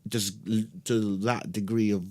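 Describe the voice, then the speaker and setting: A man co-hosting a podcast in casual, jokey chat, full of quick asides. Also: fairly low pitch, steady tone, dark tone, dry recording. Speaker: podcast co-host.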